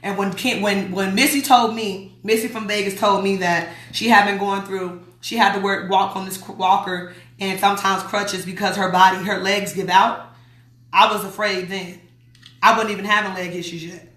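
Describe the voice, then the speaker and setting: A woman's voice: medium pitch, level tone, normal speed, fairly bright tone, reverberant. A woman hosting a radio show, reading a newsletter aloud in a chatty, emphatic way and talking back to her listeners. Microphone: streaming mic.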